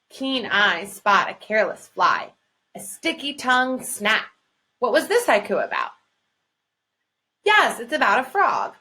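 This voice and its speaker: A woman's voice: medium pitch, bright, forceful tone. Woman teaching a first grade lesson. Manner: slow, clear, encouraging teacher talk, sounding out syllables. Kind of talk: recorded classroom lesson.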